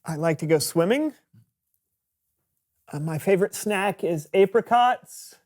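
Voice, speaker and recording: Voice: medium pitch, lively intonation, unhurried, a little mellow. Cheerful, matter-of-fact speaker for a light kids' show game. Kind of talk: playful kids' show banter.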